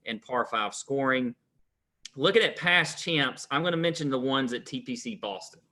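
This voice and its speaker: A man's voice: mid-range voice, lively intonation, sharp tone. A man co-hosting a golf betting show, rattling off course details in a casual way with plenty of fillers. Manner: rapid-fire stats rundown with many fillers. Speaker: co-host.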